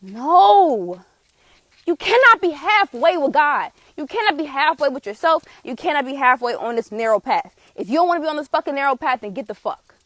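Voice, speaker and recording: Fiery high-voiced woman tarot reader. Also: animated, moderate pace, no echo. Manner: passionate, forceful preaching with blunt swearing. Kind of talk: live spiritual reading. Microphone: streaming setup.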